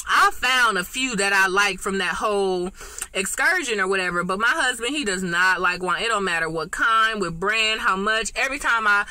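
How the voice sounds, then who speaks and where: Chatty woman recapping a tv episode, really bright high voice, dry close sound. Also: normal speed, no echo, poor audio. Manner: chatty, animated, keeps addressing viewers. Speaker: TV episode reviewer. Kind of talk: casual recap chat to viewers.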